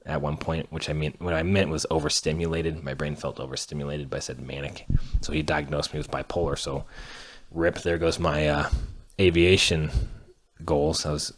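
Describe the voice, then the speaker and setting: A young man telling his own story in a halting, candid way, with many fillers, restarts and the odd curse word. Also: extremely low pitch. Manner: earnest, candid, occasionally cursing. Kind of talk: personal storytelling monologue.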